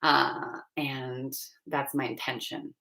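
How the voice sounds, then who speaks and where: Low gravelly-voiced woman coach. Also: flat delivery, slow. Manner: chatty and meandering, many "you know" fillers, frequent soft laughs. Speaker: fertility and pregnancy coach. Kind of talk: live coaching stream, casual chat.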